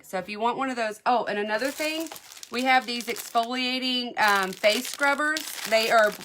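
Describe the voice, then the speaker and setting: Woman doing a live makeup demo, bright sharp voice a bit high, chatty, answers comments. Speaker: beauty product seller.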